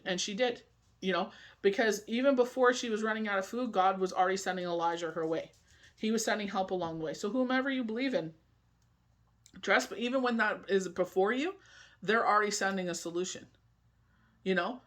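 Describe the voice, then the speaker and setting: A tarot and oracle card reader giving a casual spoken forecast, rambling and chatty, often asking "you know what I mean" and reading card meanings aloud slowly. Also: medium pitch, fairly bright tone.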